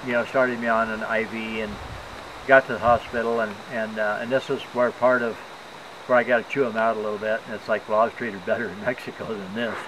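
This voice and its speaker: A man's voice: on the low side, level tone, a little fast, noisy background. An older man recovering in a hospital, sore and weak after surgery, telling a rambling, indignant story in a casual way. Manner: rambling and indignant, acts out quoted voices. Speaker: patient telling his story. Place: hospital room.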